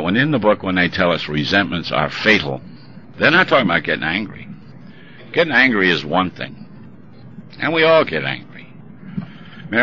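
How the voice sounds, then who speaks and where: A man's voice: low voice, bright, forceful tone. A man, likely older, speaking bluntly and wryly at a recovery meeting. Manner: blunt, wry and confrontational. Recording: dull lo-fi recording with faint hiss.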